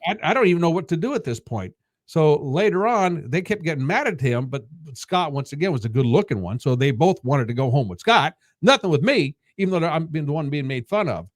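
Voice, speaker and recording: A man in his fifties, a podcast guest, telling casual stories in a halting way that repeats words. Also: a little high, animated, no room sound, clean studio sound. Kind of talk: casual storytelling.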